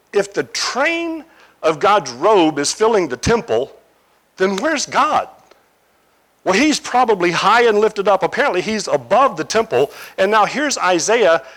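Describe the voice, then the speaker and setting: A man preaching a sermon, telling a scripture scene as a vivid, animated story. His voice sits high for a man. His intonation swings widely as he leans into each image. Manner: animated storytelling, imaginative asides.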